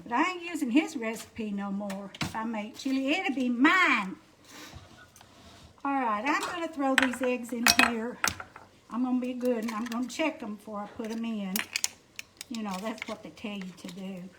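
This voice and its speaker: A middle-aged woman with a warm-sounding Alabama drawl talks her viewers through a home-cooked supper, folksy and chatty, calling out hellos by name. Her voice sits high. The kitchen is noisy, with pots and dishes knocking clearly in the background. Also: moderate pace. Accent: Southern US, Alabama. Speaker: home cooking livestream host. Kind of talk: casual cooking livestream chat.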